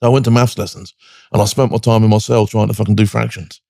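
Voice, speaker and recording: Veteran guest, older than forty: rapid, gravelly, dark tone, blunt and profane. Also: male voice, lowish voice, flat delivery, no echo, studio quality. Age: 40s or older. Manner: blunt, heavy swearing, frequent "do you know what I mean". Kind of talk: candid podcast interview.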